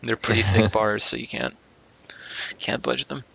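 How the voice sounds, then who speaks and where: A man's voice: fairly low pitch, steady tone, unhurried, gravelly, a crowd in the background. A man narrating a tabletop game as game master, hesitant with many ums and restarts.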